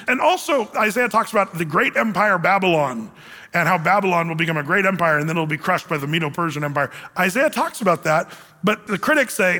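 A man preaching a sermon as pastor, in a conversational, animated style with casual asides. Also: sits high, a little fast. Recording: long reverb of a large hall.

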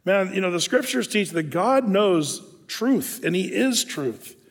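A middle-aged pastor from Southern Oregon preaching a sermon in a relaxed, conversational way, full of fillers and restarts. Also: male voice, sits high, unhurried. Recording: long hall reverb.

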